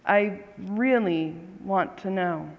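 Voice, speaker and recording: Storyteller doing a curious little girl, blunt questions, slow, echoey hall. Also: medium pitch, vocal fry, highs cut off. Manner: questioning, frank. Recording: long hall reverb.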